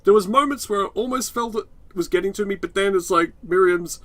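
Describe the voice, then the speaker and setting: Australian male co-host, sarcastic reviewer, bright tense voice. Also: high voice, fairly quick, no room sound. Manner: sarcastic, mocks scenes in put-on voices. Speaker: podcast co-host. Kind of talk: casual review chat.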